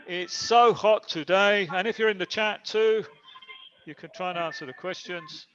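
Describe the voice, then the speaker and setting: A man teaching an online English class, explaining grammar slowly and switching between English and Spanish. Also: high voice, fairly bright tone, a little hiss or hum. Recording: dull lo-fi sound.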